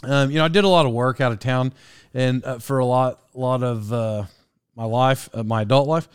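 A man's voice: mid-range voice, fairly even intonation, moderate pace, smooth, dry recording, studio quality. A man in his forties hosting a podcast solo, rambling through a personal story with restarts and laughs at himself. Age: 40s. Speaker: podcast host.

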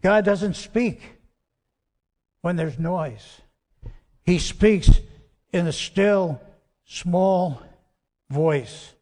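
A man preaching a sermon as pastor, slow and emphatic, dropping soft and quiet on key words, recorded in a church. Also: high voice. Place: church sanctuary. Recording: long church hall reverb.

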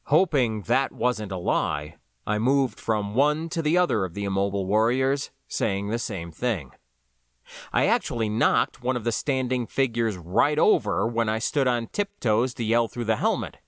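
A man narrating a novel in the first person, his pitch moving lively through each sentence while the pace stays measured. The voice sits at an ordinary male pitch. The recording is dry and close, with no room sound. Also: dry recording. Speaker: audiobook narrator.

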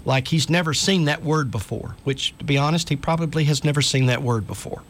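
A man's voice: a little high, brisk, slight background noise. A man hosting a talk radio show, speaking in an earnest, urgent way and reading articles aloud to listeners.

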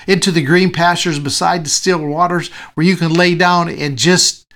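A man preaching a sermon, his voice sitting a little high for a man. He talks in a relaxed, conversational way and keeps circling back to the same phrases to drive them home. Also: normal speed. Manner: repeats key phrases for emphasis, conversational. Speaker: pastor.

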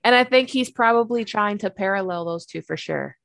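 A woman's voice: medium pitch, brisk, creaky, a bit bright, no room sound. A woman co-hosting a podcast, chatting casually about a fantasy book and swearing freely. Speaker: podcast co-host.

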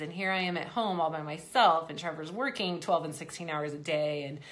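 A woman's voice: sits low, brisk, few pauses, fairly bright tone. A young woman, slightly out of breath, talking in a chatty, rambling way with many asides as host of a motivational talk. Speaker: host of an exercise program for people with MS.

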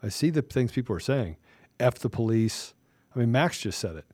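Animated man telling a story. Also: medium pitch, normal speed, dry recording. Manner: animated, acts out quoted dialogue, many restarts. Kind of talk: casual storytelling.

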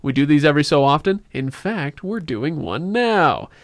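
A man hosts a laid-back podcast, joking around and leaning on filler words as he talks. His voice sits a bit high for a man. The sound is dry and close, with no room echo. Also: big pitch swings, normal speed. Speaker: podcast host. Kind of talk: casual podcast chat.

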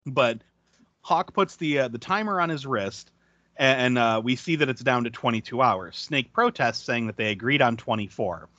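A man talks through a movie recap on a podcast with a lively, swooping delivery and a bright, forceful tone. He swears casually and breaks into laughter often. The sound is dry and a little dull. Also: mid-range voice, moderate pace, dry recording. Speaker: podcast co-host.

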